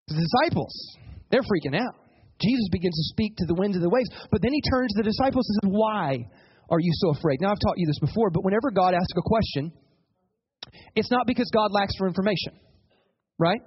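A pastor preaches with a very high, husky voice, pressing his congregation with questions and acting out what people say. The sound is dull and lo-fi. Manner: animated, asks the congregation questions, acts out quotes. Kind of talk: sermon.

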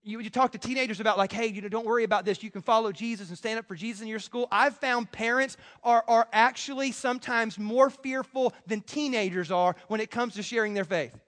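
A man preaching a sermon as pastor, animated, acting out the voices of people he quotes, with stammering restarts. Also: high-pitched, a little fast, hardly any pauses. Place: church.

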